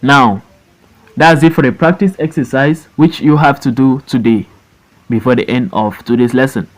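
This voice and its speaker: A man's voice: mid-range voice, normal speed, low-quality recording. A man teaching a phonics lesson, stretching words out syllable by syllable and repeating them for learners. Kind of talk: slow classroom phonics lesson. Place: voice-over for an online lesson.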